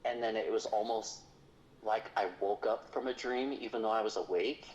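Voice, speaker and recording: A man's voice: on the low side, fairly even intonation, moderate pace, darkish tone, a little hiss or hum, low-quality recording. A man, a podcast guest, earnestly telling a personal story in casual chat. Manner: earnest, retelling a story with quoted dialogue.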